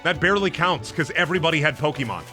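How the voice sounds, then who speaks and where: A man's voice: fairly high pitch, lively intonation, quick pace, sharp tone, faint music behind. A young man streaming, ranting emphatically and swearing heavily in casual talk.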